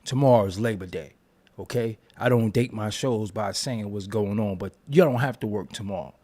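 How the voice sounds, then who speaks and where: A man's voice: on the low side, a little mellow. Tired, rambling man hosting a stream. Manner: loose, rambling, playful, with drawn-out repeats. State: tired, yawning. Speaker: YouTube commentary host. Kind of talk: casual live-stream chat.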